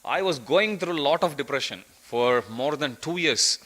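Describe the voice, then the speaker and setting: A man's voice: fairly high pitch, lively intonation, normal speed, fairly bright tone, rough recording. A man giving an earnest devotional scripture class, telling a story and quoting verses.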